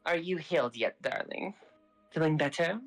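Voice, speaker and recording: A tabletop player voicing a brooding, vengeful vampire woman who speaks quietly and intensely, sometimes dropping to a whisper. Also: mid-range voice, lively intonation, normal speed, soft background music, voice pushed up, poor audio. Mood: teasing. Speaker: player character.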